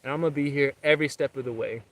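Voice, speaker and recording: A man's voice: medium pitch, fairly even intonation, rapid-fire, a bit bright, slight background noise. A young man vlogging outdoors, talking about his recovery and encouraging viewers in an earnest, rambling way. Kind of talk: casual motivational talk. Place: outdoors, public area.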